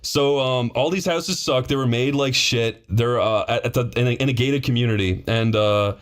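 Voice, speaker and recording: A man's voice: medium pitch, moderate pace. A young man streamer telling a story casually, rambling and swearing with lots of fillers. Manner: rambling, profane, filler-heavy.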